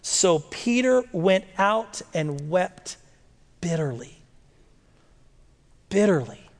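A male preacher with a high, very lively voice that swoops up and down reads scripture and poses rhetorical questions to his listeners. He is animated, slowing down dramatically for readings as he explains the passages, and a long echo suggests a large hall.

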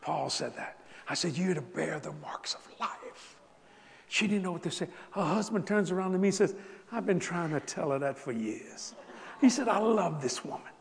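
Animated preacher man in a reverberant hall. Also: sits high, normal speed, gravelly. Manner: animated, shifts from soft asides to loud bursts. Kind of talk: sermon storytelling.

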